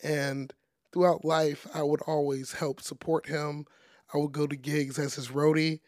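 A young man, a DJ, speaking as a guest in a casual interview, chatty and relaxed with lots of "like" and "you know.". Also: fairly high pitch, unhurried, no room sound, studio quality. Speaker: podcast guest, DJ.

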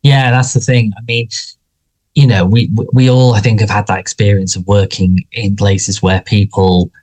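Deep-voiced man chatting on a podcast. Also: little pitch movement, normal speed, darkish tone. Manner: hesitant, full of fillers and restarts. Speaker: podcast co-host. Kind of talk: casual podcast chat.

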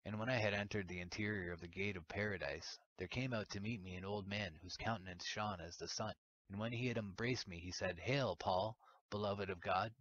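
A man giving a solemn, measured scripted narration of an ancient religious text. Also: lowish voice, a bit bright, a little hiss or hum. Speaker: audiobook reader. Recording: dull lo-fi recording.

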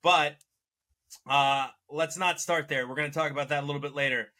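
Man, sports podcast host, very bright voice, slightly high, teasing. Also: fairly quick. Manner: teasing, excitable, gloating about rivals. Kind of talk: casual sports chat.

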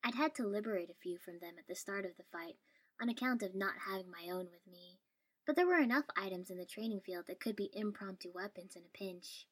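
A woman's voice: mid-range voice, fairly quick, fairly bright tone, breathy edge. A woman reading a first-person story aloud in a dry, wry tone. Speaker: story reader.

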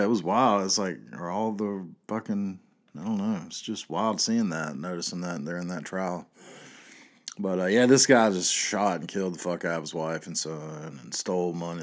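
A man with a Southern accent talks alone into his podcast mic in a loose, meandering chat. His voice sits very low. He swears often and stalls on fillers as he drifts from one thought to the next. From American South. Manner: rambling, profane, lots of fillers. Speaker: podcast host. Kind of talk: casual solo podcast ramble.

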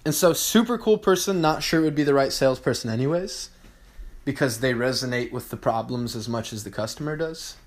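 A man talks alone on his podcast in a blunt, profane way, hammering the same point several times. He clears his throat often between thoughts. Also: medium pitch, fairly quick. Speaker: podcast host. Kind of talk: solo podcast monologue.

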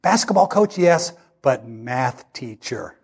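A man in his sixties preaching a sermon, telling a personal story in an animated way and acting out the dialogue. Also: mid-range voice, takes it slowly, vocal fry, husky. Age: 60s.

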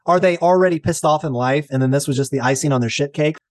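Lively swearing man, dry close sound. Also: on the high side, quick pace, no echo. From Texas. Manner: animated storyteller, swears freely, mimics others. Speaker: podcast co-host. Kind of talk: casual chat.

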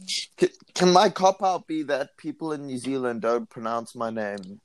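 A young man talks loosely in a casual podcast chat. He wanders through his stories and keeps correcting himself as he goes. His voice sits at a middling pitch. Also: fairly even intonation, unhurried. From South Africa. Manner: rambling, self-correcting.

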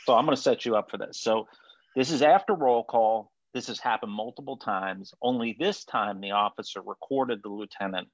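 A man's voice: fairly low pitch, moderate pace, no echo, dull audio. A man hosting a podcast in casual chat, blunt and swearing freely. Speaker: podcast host.

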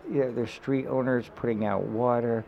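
Guy with a gravelly voice telling a raw heartfelt story on a podcast, swears a lot, kinda dull audio. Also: medium pitch, normal speed, slight background noise. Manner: swears freely, animated and heartfelt. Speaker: guest. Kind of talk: emotional storytelling in a podcast chat.

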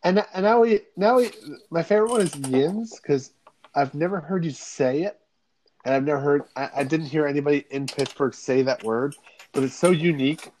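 A man's voice: a little high, moderate pace, darkish tone, a little hiss or hum, poor audio. A man hosting a casual chat, upbeat and quizzing his guest while laughing easily.

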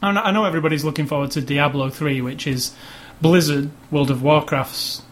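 A man's voice: fairly high pitch, a little fast, a little hiss or hum. Guy co-hosting a podcast, rambly and jokey, laughs a lot, casual chat. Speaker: podcast co-host.

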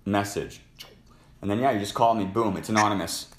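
A man's voice: on the low side, a little fast, echoey room. A man hosting a casual live-stream call-in show, talking in a loose, rambling way. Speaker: host.

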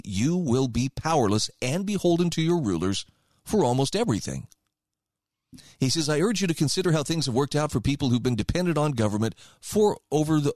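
Man, radio talk host, opinion commentary, emphatic, lively intonation, dry close sound. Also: medium pitch, no echo. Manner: conversational, emphatic and animated. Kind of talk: opinion commentary, reading passages aloud.

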